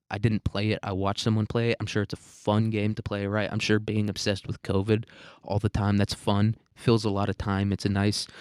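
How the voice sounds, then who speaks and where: Dude ranting solo on his podcast, low voice, sarcastic and rambly, kinda crude, dry sound. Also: darkish tone, clean tone, dry recording. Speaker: podcast host. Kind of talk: solo comedic rant.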